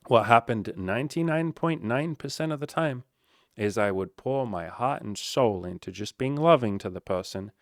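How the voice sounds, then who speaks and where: A man's voice: mid-range voice, animated, moderate pace, dry recording, studio quality. A man speaking candidly to camera, rambling and reflective, with emphatic, heavy swearing. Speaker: life coach and vlogger.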